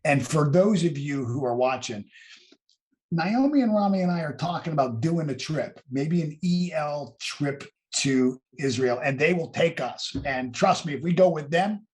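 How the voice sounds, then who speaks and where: Excitable man hosting a video call. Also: on the high side, normal speed. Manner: enthusiastic, stammering restarts, laughs often. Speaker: host. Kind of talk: casual video-call interview.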